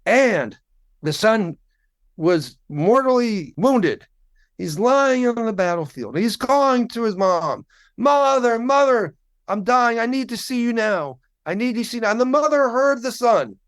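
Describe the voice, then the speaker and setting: A man's voice: extremely high pitch, expressive, unhurried, voice pushed up. A man putting on the voice of a fervent female gospel singer who tells a parable in a rising, sermon-like cadence.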